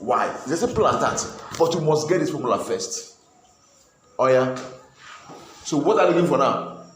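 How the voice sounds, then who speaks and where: A man's voice: mid-range voice, animated, moderate pace, reverberant. A man tutoring a pupil in math, sternly repeating questions and pressing for answers.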